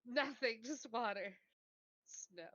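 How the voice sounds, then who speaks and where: A woman's voice: a little high, slow, a bit bright, no room sound, dull audio. A woman playing in a tabletop game, chatting casually and giggling easily. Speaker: player.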